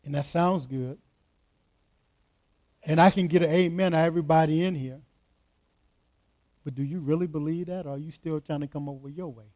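High-voiced pastor preaching emphatically. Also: male voice, moderate pace, pauses often, darkish tone. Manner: emphatic, repetitive, talking straight to the congregation. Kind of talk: sermon. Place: church, in front of a congregation.

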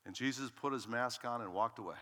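A man in his sixties preaching a sermon as pastor, dramatic, dropping to a hush and rising to a shout. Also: mid-range voice, fairly quick. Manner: dramatic, swinging from hushed to shouting. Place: church sanctuary. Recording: long reverb in a large hall.

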